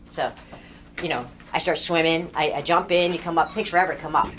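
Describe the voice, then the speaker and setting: Woman with a deep-ish voice telling a story to the class, chatty and laughy. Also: fast, a little hiss or hum. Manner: animated, laughs often while telling the story. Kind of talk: casual storytelling.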